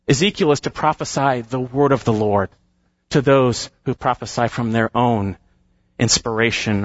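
A man preaching an expository sermon, emphatic, slowing down and dropping his voice at the ends of phrases. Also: fairly high pitch, fairly bright tone, no room sound, muffled recording. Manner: emphatic preaching with slowed, falling phrase endings. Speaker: pastor.

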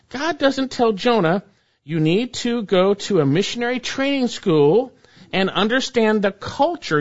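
Emphatic high-voiced male preacher. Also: a bit bright, muffled recording. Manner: emphatic, repeats key phrases. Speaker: pastor. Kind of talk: expository sermon.

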